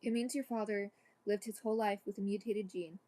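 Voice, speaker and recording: A woman voicing a calm, kind female doctor on the phone, speaking gently and softly. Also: medium pitch, fairly quick, natural voice. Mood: gentle. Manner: gentle, reassuring, softly spoken.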